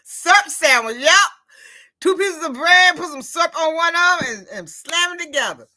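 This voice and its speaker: A woman talks in a relaxed, chatty way, spinning everyday stories. Her voice sits high and bright. She slips into quoted dialogue as she retells what people said. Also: moderate pace. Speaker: host. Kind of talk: casual chat.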